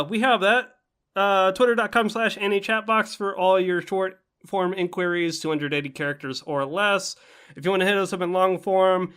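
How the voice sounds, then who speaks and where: A man's voice: high-pitched, a bit bright, smooth. A man hosting a casual podcast, introducing everyone with playful, grandiose flair. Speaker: podcast host.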